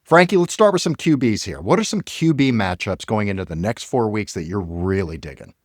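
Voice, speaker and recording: A man talks sports with a lot of energy, his voice jumping up and down as he gets excited. He slips in sarcastic jabs now and then. The sound is dry and close, with no room in it. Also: fairly low pitch, a little fast, dry recording. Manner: hyped, animated, sarcastic asides. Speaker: podcast co-host.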